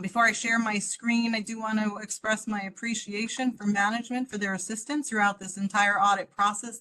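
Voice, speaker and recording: Bright-voiced woman presenting an audit. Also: medium pitch, low-quality recording. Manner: methodical and explanatory, with frequent "um". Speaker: external auditor presenting to a board. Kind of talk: business presentation over a video call. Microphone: computer mic on a video call.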